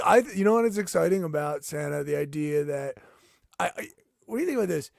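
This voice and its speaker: A man co-hosting a comedy podcast, rambling in animated casual chat. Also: on the high side, gravelly, no room sound, clean studio sound. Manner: rambling, animated, slips into silly impressions. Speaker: podcast co-host.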